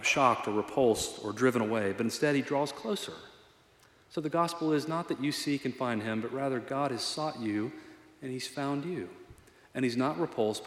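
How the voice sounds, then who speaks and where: A man preaching a sermon as a pastor, conversational and earnest, with a self-deprecating touch. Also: mid-range voice. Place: church sanctuary. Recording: echoey hall reverb.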